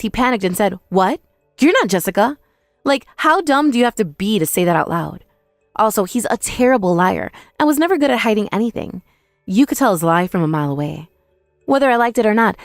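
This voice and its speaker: A woman's voice: mid-range voice, no echo, clean studio sound. A woman narrating a dramatized first-person story in a confrontational, scolding way.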